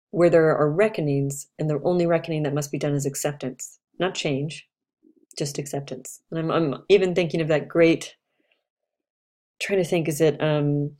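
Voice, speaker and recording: A woman's voice: low-pitched, warm tone. A woman astrologer giving a casual, chatty talk, reflective and loose, with fillers and restarts.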